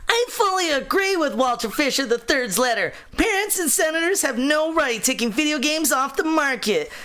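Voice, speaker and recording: A man's voice: lively intonation, moderate pace, pushed and bright, full character voice. A man doing a smug, bratty little boy. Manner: high, smug, cocky kid voice. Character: bratty, edgy boy of about seven.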